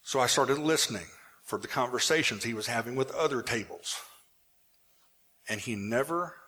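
A male pastor telling a personal story in a sermon, animated at times and hushed in the emotional moments. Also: mid-range voice, moderate pace, slightly rough.

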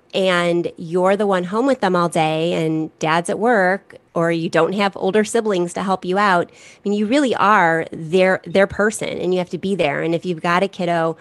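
A middle-aged woman talks in a lower register, chatty and animated, slipping in quick asides. Her voice is recorded close and dry, with no room sound behind it. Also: no echo. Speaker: guest, gifted education resource creator. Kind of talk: casual podcast conversation.

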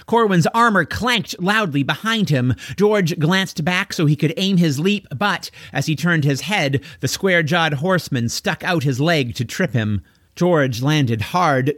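A man narrating a children's novel, reading in an expressive storytelling manner. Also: on the high side, a little slow, dry recording, studio quality. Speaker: audiobook narrator. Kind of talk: audiobook reading.

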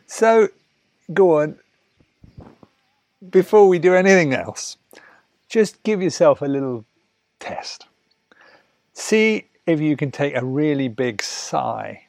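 A man teaching a relaxation lesson, talking slowly and soothingly, sometimes dropping to soft murmurs between louder asides. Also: fairly high pitch, animated, gravelly, no echo. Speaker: wellness teacher. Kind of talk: guided talk on breathing and relaxation.

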